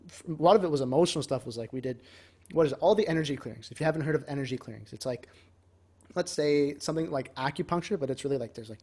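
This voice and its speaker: A man's voice: medium pitch, a little mellow. A man co-hosting a casual self-improvement podcast, talking in a rambling, emphatic way and swearing freely. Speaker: podcast co-host.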